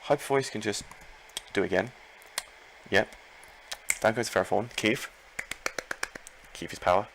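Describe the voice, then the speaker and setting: A man commenting live on his own Pokémon battle, excitable, talking to himself and his opponent and repeating phrases. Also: fairly low pitch, unhurried, long pauses, noisy background. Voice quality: gravelly.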